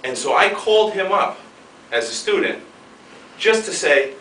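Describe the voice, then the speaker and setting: A man's voice: high-pitched, expressive, unhurried, long pauses, pushed and bright, a little hiss or hum. A man in his thirties giving a fired-up, emphatic motivational talk as a seminar speaker. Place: seminar room. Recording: echoey room, mic far off.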